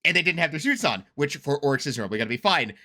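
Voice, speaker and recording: A man giving casual reaction commentary, excitable, laughing often and swearing freely. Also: on the high side, quick pace. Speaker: reaction streamer.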